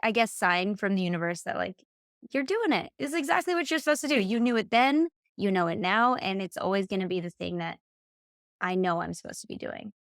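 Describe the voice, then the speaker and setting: Podcast guest, woman, late 30s, lively storyteller who acts out quotes, dry close mic. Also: mid-range voice, a little fast, no echo. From Michigan. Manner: animated, acts out quoted dialogue. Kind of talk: casual storytelling.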